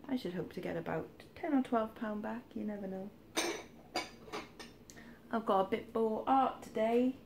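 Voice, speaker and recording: A woman's voice: fairly high pitch, normal speed, vocal fry, pauses often, very noisy. A woman, chatting casually and rambling through a charity shop haul with wry asides. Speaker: charity shop reseller vlogger. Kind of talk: casual haul vlog chat.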